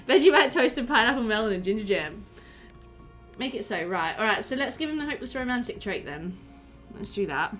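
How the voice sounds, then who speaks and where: Bright, lively South Australian woman. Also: fairly high pitch, moderate pace, faint music behind. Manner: chatty, reads chat aloud, laughs often. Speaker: game streamer. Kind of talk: casual live-stream chat.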